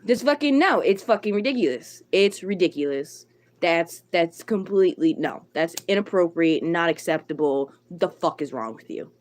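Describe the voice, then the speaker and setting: A woman's voice: lowish voice, expressive, normal speed. A woman livestreamer ranting to her chat, blunt and irritated, swearing a lot and answering viewers by name. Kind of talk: live stream chat rant.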